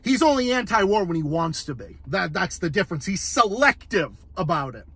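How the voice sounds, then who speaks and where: A man's voice: high voice, big pitch swings, fairly quick, pushed and bright, slightly rough, no room sound. A man hosting his own political commentary show, ranting in a heated, profane way and repeating himself as he talks. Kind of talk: angry solo political rant.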